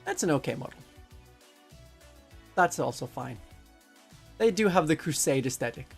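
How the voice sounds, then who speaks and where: A man's voice: fairly high pitch, animated, normal speed, creaky, slightly rough, faint music behind. A man chatting casually on a livestream, joking and now and then slipping into silly voices. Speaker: streamer.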